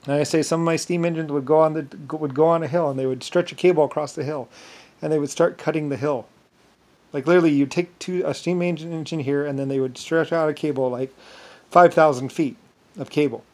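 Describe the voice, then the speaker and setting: A man telling a rambling, boastful story, halting often with fillers and restarts. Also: a little high, steady tone, a little mellow. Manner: boastful, grandiose. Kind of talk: rambling monologue.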